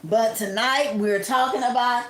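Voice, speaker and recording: A woman's voice: on the high side, steady tone, measured pace, a bit bright, reverberant, a little hiss or hum. A woman hosting a casual live stream, chatting with viewers, reading their comments and giving advice. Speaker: livestream host.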